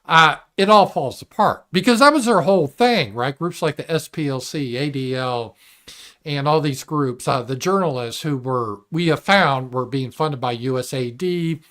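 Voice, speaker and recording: A man's voice: fairly high pitch, normal speed, fairly bright tone. A man hosting his own livestream show, giving a blunt, profane commentary monologue and reading viewer messages aloud. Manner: blunt and profane, mimics opponents in mocking voices; reads viewer super chats aloud. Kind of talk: casual political commentary monologue.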